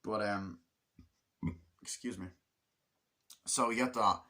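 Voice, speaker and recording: A man's voice: on the low side, fairly even intonation, takes it slowly, pushed and bright. A man giving a casual movie review, rambling through scenes, swearing a lot and acting out moments as he goes.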